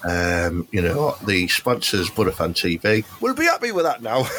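A man's voice: lowish voice, sing-song, slow. A man hosting a podcast in casual chat, laughing often and slipping into mimicked voices. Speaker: podcast host.

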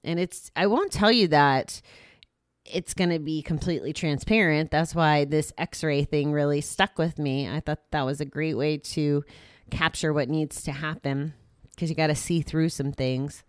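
A woman's voice: low voice, fairly even intonation, a little slow, clean tone, no echo, clean studio sound. A tired, chatty woman hosting a live podcast, rambling through apologetic asides to her listeners. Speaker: podcast host. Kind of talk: casual live chat to listeners.

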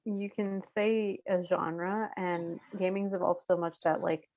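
A woman co-hosting a podcast in casual chat, soft-spoken, mostly giving brief replies. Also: on the low side, fairly even intonation, takes it slowly, gravelly, highs cut off. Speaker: podcast co-host.

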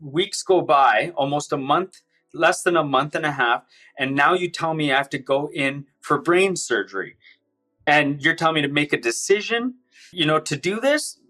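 A man's voice: on the high side, moderate pace, bright, forceful tone, faint music behind. A man recounting his own experience in an intense, run-on storytelling manner. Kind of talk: personal account, casual storytelling.

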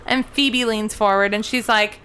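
A woman's voice: medium pitch, fairly even intonation, moderate pace, background noise. A young adult woman co-hosting a casual chat, telling stories animatedly, swearing freely and mimicking sounds.

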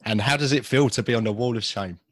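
A man's voice: mid-range voice, fast, no room sound, clean studio sound. A man co-hosting a podcast in casual chat, jokey and rambling about films. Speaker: podcast co-host.

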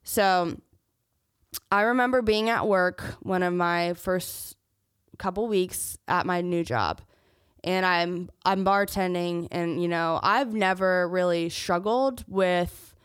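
This young podcast host speaks slowly in a lowish, clear, resonant voice as she opens up about something personal, candid and at moments nearly crying. Between the heavier stretches she slips in joking asides. It's a dry, clean studio recording.

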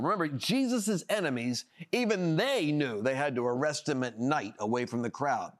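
A man's voice: fairly high pitch, fairly bright tone. A man hosting a political talk show, delivering opinionated commentary with emphatic, sarcastic emphasis and frequent restarts.

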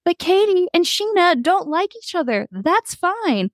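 A woman's voice: extremely high pitch, sing-song, unhurried, no room sound, clean studio sound. A woman hosting a podcast, chatting casually through a reality-show recap, swearing freely and acting out quotes. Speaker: podcast host.

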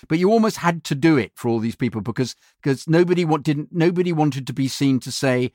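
A middle-aged man tells a story in a bone-dry, close sound with no room echo. His pitch sits in an ordinary middle range. He stumbles through fillers and restarts, then bursts into lively imitations of the people he is describing. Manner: animated storyteller who acts out other people's voices; halting, with many fillers and restarts. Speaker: voiceover artist. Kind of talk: casual anecdote telling.

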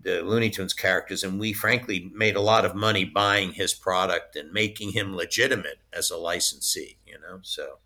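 A man's voice: low voice, fairly even intonation, normal speed, few pauses, sharp tone. A man being interviewed as a former studio licensing executive, telling chatty stories and often laughing mid-story. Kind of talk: casual anecdotal storytelling.

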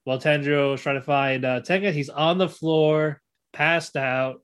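A man co-hosting a casual podcast, his voice sitting a little high for a man. He talks in loose, rambling bursts and keeps laughing as he recaps scenes. He often trips over his words and starts sentences again. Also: normal speed, clear, resonant tone. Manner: animated retelling, acts out characters' lines with laughs; many fillers and restarts. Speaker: podcast co-host. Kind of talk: casual chat.

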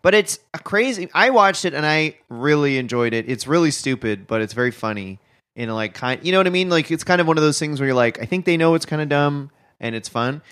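A man co-hosting a comedy podcast, talking with excitable, rambling enthusiasm. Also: a little high, fairly quick, smooth. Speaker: podcast co-host. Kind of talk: casual comedic chat.

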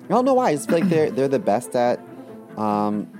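A man with a mid-pitched voice trades blunt, mock-innocent jokes as a comedy podcast co-host. Faint music plays softly behind him. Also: huge pitch swings, moderate pace.

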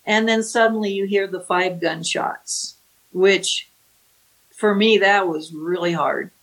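A woman's voice: medium pitch, fairly even intonation, slow pace, poor audio. A woman, an author, recounting a true crime case in a vivid, dramatic way, acting out the quotes. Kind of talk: storytelling with acted-out quotes.

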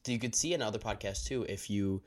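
A man's voice: on the low side, quick pace. A young man co-hosting a podcast in casual chat, explaining audio habits in a rambling, self-interrupting way into a handheld mic. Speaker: podcast co-host handling audio. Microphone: handheld microphone.

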